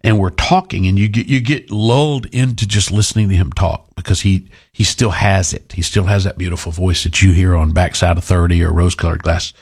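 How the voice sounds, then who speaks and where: A man holds forth on talk radio, rambling through a self-deprecating story. His voice sits low and a little husky. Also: fairly even intonation, fairly quick, few pauses, a little mellow. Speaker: radio talk show host. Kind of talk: casual talk radio monologue.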